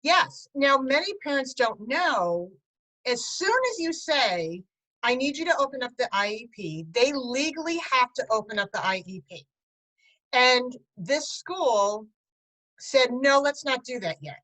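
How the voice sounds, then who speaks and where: A middle-aged woman, a guest on an interview show, telling a story about her son in an animated way with bursts of laughter. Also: sits high, a little slow, poor audio. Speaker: guest, parent and writer. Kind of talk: conversational interview.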